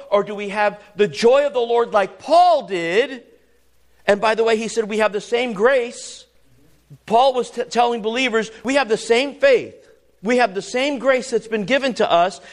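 A man preaching a sermon as pastor, emphatic and repetitive, full of rhetorical questions, in a church. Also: high-pitched.

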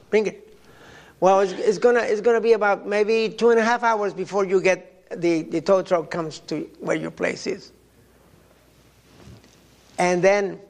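An older man from Mexico preaching a sermon, telling personal stories in a halting way and often repeating his words. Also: high-pitched, creaky.

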